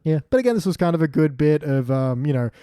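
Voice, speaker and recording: Mellow-voiced man, chatty podcast co-host. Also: on the high side, lively intonation, clear, resonant tone, dry recording, clean studio sound. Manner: retells scenes with quick mimicked character voices. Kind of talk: casual chat.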